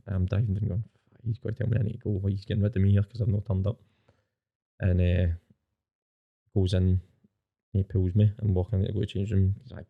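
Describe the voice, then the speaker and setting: A Scottish man in his twenties telling his own story candidly as a podcast guest, plain-spoken and rapid. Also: deep voice, level tone, gravelly, highs cut off.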